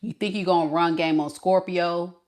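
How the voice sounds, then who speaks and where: A woman's voice: lowish voice, steady tone, moderate pace, a little mellow. A woman giving a casual tarot reading in a sassy, teasing way, often trying not to laugh. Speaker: tarot reader.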